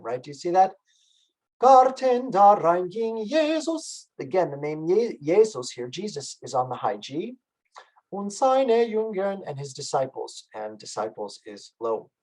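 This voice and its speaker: A man's voice: a little high, husky, low-quality recording. Male music lecturer, explanatory, checks in with his audience. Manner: explanatory, asks the audience questions. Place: library event.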